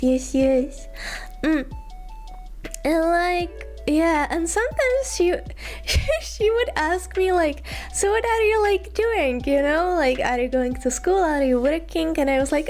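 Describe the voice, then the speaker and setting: A woman's voice: extremely high pitch, slow, darkish tone, soft background music. A young woman streaming, chatting casually and shyly, retelling a story with lots of likes and ums and giggling often, while sick. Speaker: vtuber streamer.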